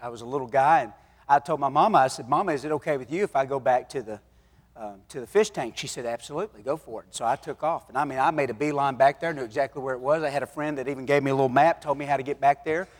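A man preaching a sermon, telling folksy stories and swinging between loud exhortation and hushed moments. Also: mid-range voice, fast talker. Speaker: pastor. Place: church sanctuary. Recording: long hall reverb.

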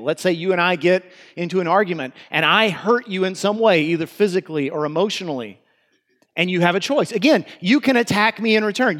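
Guy preaching a sermon, kinda high voice, slows way down reading scripture, big echoey hall. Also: a bit bright. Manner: slows down to read scripture aloud, conversational asides. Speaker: pastor.

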